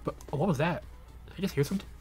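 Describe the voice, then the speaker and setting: A young man with a slightly high voice hosts his own livestream, rambling loosely and cracking himself up. His casual chat is full of jokes and drawn-out repetitions. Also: background noise. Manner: rambling, joking, laughs often, drawn-out bits. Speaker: livestream host.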